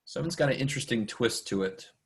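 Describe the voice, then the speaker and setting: A man teaching a math class online in a casual, chatty, rambling way, often talking fast and poking fun at himself. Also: medium pitch, animated, gravelly. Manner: chatty, rambling and self-deprecating; talks fast much of the time. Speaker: math instructor. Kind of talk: casual online lecture to students.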